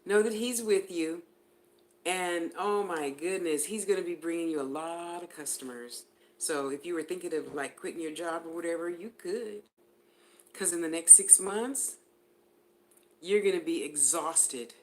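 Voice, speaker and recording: A woman's voice: on the low side, measured pace. A woman giving a live spiritual reading to viewers. She talks in a chatty way, laughs often, and addresses people by name. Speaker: spiritual reader.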